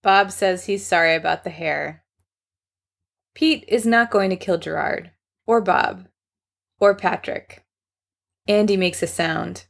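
A woman's voice: on the low side, slow pace, gravelly, pauses often. A woman reading a fan story aloud in a wry narrating voice. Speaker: story reader.

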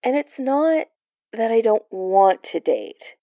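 A woman reading a story, voicing a weary, soft-spoken young man who talks in a tired, quiet, subdued way. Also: on the high side, big pitch swings, slow, dry recording, muffled recording, voice pushed up.

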